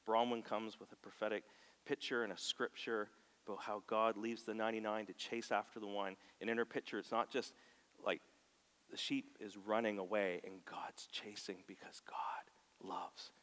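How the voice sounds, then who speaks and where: A man preaching a sermon in a church. He moves from soft, near-whispered lines to loud, passionate bursts and acts out quoted voices. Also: on the low side, level tone, moderate pace. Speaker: pastor. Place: church sanctuary. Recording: long hall reverb.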